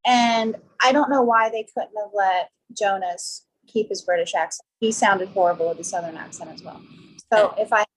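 A woman with a mid-range voice chats as a podcast guest. She pauses often with ums while building her points. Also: medium pitch, slight background noise, low-quality recording. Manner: chatty, hesitant with ums. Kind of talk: casual chat.

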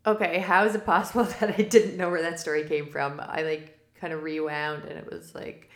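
At a normal speed and in a flat delivery, a deep-voiced woman hosts a spiritual forecast podcast as a casual monologue. She digresses freely and laughs often partway through sentences, and the recording has a roomy echo.

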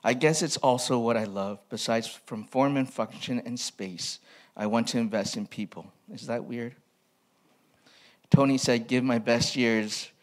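A man speaking as a pastor, reading from an old journal to his listeners. His delivery is candid and reflective, with a self-mocking edge. His voice sits in an ordinary middle pitch for a man. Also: a little slow.

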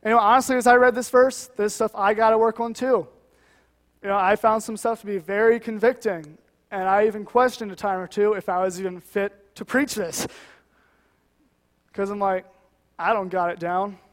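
Guest preacher, man, high voice, earnest and chatty, church with a long echo. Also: steady tone, moderate pace. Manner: earnest, conversational, many "you know" asides. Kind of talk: sermon.

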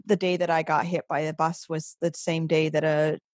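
A middle-aged woman talking as an interview guest, halting with frequent restarts and soft laughs. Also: low voice, level tone, no room sound, clean studio sound. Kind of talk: conversational interview.

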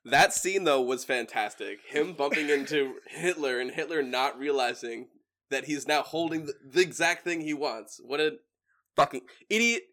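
A young man co-hosting a casual movie podcast, animated and quick to laugh, swearing freely. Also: mid-range voice. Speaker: podcast co-host.

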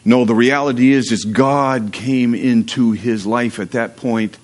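This sermon comes from a pastor whose voice is mid-range, with fairly even intonation and a measured pace. On a livestream, he reads scripture aloud and then preaches to his congregation conversationally, adding prayer and jokes.

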